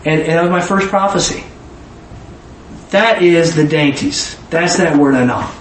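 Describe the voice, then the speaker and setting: A middle-aged man giving informal Bible teaching, swinging from low musing to high emotional exclamations. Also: a little slow. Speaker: preacher. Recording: echoey room, mic at a distance, faint ambient noise.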